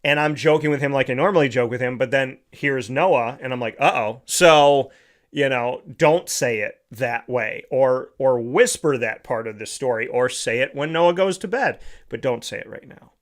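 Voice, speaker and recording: A man's voice: mid-range voice, normal speed. A male host giving a motivational monologue, lecturing and often tossing in rhetorical questions like "right?".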